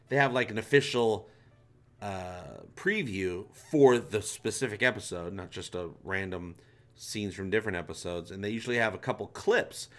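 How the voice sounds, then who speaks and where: A man's voice: fairly low pitch, a bit bright. A man hosting a livestream, chatting loosely and reading out viewer comments, with casual swearing. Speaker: livestream host.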